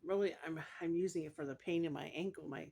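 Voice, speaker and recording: A middle-aged woman chatting casually in an eating vlog, giggling often and sounding relaxed and drowsy. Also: low voice, fast talker, creaky, husky. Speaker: food vlogger.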